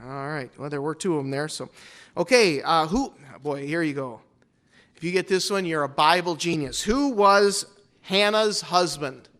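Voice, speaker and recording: A man's voice: on the high side, normal speed, fairly bright tone. A man pastor hosting a playful Bible trivia game at a church service, teasing the congregation before introducing guests.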